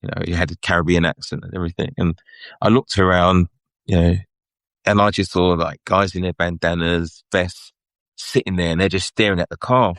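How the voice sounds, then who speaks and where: A man's voice: deep voice, normal speed, no echo. A middle-aged man with a London English accent, telling stories as a guest in a casual interview, chatty and laughing often. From England. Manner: chatty, lively anecdotes with frequent laughs. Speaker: guest photographer.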